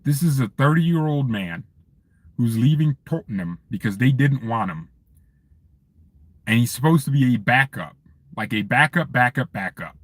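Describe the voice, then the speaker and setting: A man's voice: mid-range voice, normal speed, dry recording. Man ranting casually on a live stream. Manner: animated, joking, ranting. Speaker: fan channel host. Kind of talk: casual live-stream chat reading viewer messages.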